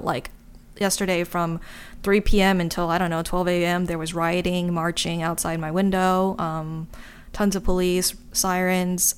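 Woman just chatting to camera, smooth clear voice, candid and rambly. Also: on the low side. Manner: candid, chatty, wandering asides. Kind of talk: casual chat to camera.

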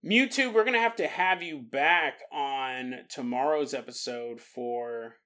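A man's voice: medium pitch, a little slow, pushed and bright. A man hosting a solo podcast in a casual monologue, laughing often and acting out the people he quotes. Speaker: podcast host.

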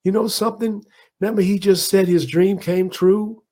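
A man doing an impression of a commanding, proud boxing champion who speaks loudly and emphatically. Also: high-pitched, fairly even intonation, moderate pace, pitched above the performer's own voice. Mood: indignant. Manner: loud, emphatic, preaching about respect.

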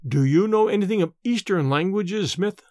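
A man's voice: high voice, moderate pace, darkish tone, no echo, clean studio sound, lightly acted. A man reading an audiobook and voicing a shaken, secretive male scholar who speaks in a faltering, breathless way. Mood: evasive. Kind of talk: audiobook character voice.

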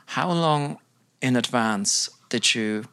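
A man interviewing a guest, asking relaxed, probing questions. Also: medium pitch, slow.

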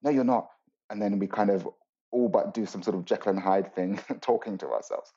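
A man speaks as a podcast guest, his voice low and mellow. He explains earnestly and thoughtfully, pausing and restarting as he works through ideas. The audio sounds slightly dull and muffled. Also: steady tone, breathy edge. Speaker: guest, mindfulness teacher.

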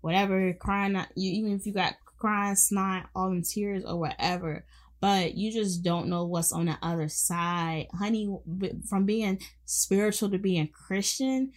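A woman's voice: medium pitch, fairly even intonation, unhurried. A young woman hosting a faith podcast, speaking fervently and affectionately, repeating phrases for emphasis and calling her listeners honey and baby. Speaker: podcast host.

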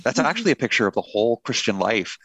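A man's voice: medium pitch, sing-song, fast, fairly bright tone, slightly rough, no echo. A middle-aged man, a pastor and author, talking earnestly in a conversational interview with a touch of self-deprecating humor.

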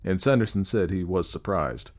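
A man narrating a classic story as an audiobook, in a measured storytelling manner. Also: low voice, animated.

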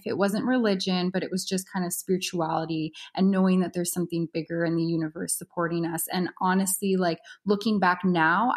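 A woman's voice: on the low side, husky. A young adult woman, a yoga instructor and mindset coach, speaking reflectively in a casual interview, with frequent "you know" and "right".

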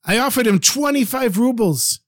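A mean, wealthy miser sneering at everyone around him, as a storyteller puts him on. The voice climbs high and stays dismissive, recorded close and dry. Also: male voice, lively intonation, moderate pace, no echo. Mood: scoffing. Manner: mocking, dismissive. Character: cruel wealthy old male miser, scornful.

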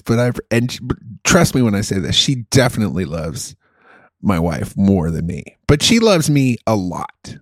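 Animated man joking in casual chat. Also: fairly low pitch, normal speed, no room sound, clean studio sound. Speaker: podcast co-host.

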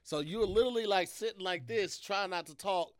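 A man co-hosting a podcast, telling animated stories in casual chat and acting out what people said. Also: sits high, fairly quick, no echo. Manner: animated storytelling, acts out quotes. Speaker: podcast co-host.

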